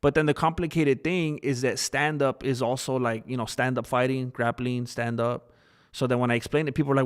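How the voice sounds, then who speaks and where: A man's voice: mid-range voice, fairly even intonation, a little fast, clean tone. Rambling, laughing male live-streamer. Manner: rambling, laughs often, talks to chat. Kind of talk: casual live-stream chat.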